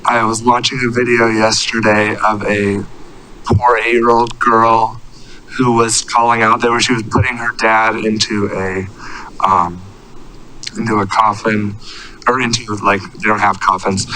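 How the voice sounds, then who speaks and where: A man in his thirties giving an earnest, halting public comment at a city council meeting, speaking into a podium microphone. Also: lowish voice, little pitch movement, sharp tone, slight background noise, poor audio. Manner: earnest, halting, searching for words. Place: council chamber.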